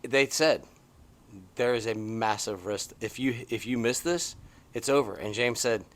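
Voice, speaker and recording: A middle-aged man co-hosting a podcast, chatting casually from a porch outdoors and telling stories with excited, swinging emphasis. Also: a little slow. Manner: animated, excitable storytelling with big swings in pitch. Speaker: podcast co-host. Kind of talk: casual chat.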